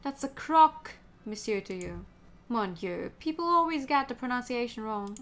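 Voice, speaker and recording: A woman's voice: on the high side, lively intonation, normal speed, fairly bright tone. A woman voicing a shady male crocodile dealer in a game, brusque and impatient. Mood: suspicious. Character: shady male crocodile black-market dealer, gruff and greedy.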